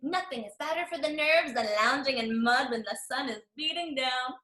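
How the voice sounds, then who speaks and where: A woman's voice: sits high, moderate pace, pushed and bright, voice pushed down. A woman voicing a nervous pig trying to relax in the mud. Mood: fussy. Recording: roomy echo.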